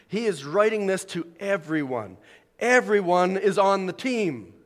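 A man's voice: high-pitched, expressive, unhurried, long reverb tail. A man preaching a sermon as pastor, building to emphatic peaks. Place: church sanctuary.

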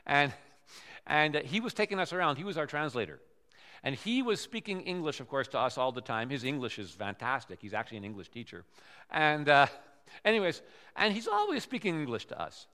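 A middle-aged man preaching as a visiting missionary at a church service, telling stories in an animated, emphatic way. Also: on the high side, brisk, long reverb tail. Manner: animated storytelling, loud emphatic swings. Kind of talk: sermon.

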